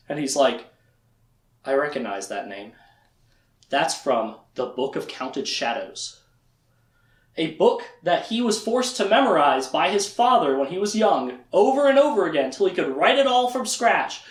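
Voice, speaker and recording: Guy giving a jokey lecture, fairly high voice, swings up and down a lot, quoting characters as he goes. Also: roomy sound. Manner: animated, acts out characters' lines in quick quips. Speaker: presenter of a book lecture. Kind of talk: casual lecture with slides and jokes.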